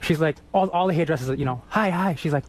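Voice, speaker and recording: A man in his thirties from Boston telling stories on a radio show, animated, swearing freely and laughing as he talks. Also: on the high side, fast talker. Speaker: guest musician. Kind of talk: casual storytelling on radio.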